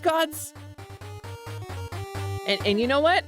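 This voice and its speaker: Woman streamer, young, playful and giggly, high lively voice, soft music behind. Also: moderate pace. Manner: playful, giggly, goofy bits in character. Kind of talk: casual chat while gaming.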